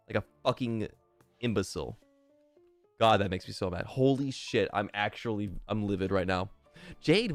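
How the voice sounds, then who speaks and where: A young man streaming and casually chatting while reading fan messages, swearing often and jumping into loud outbursts. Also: mid-range voice, no room sound. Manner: excitable, swears a lot, swings to loud outbursts.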